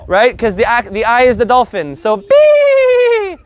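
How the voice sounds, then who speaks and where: High-voiced, animated man teaching Spanish. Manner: animated, joking, repeats words slowly for learners. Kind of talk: live online language lesson.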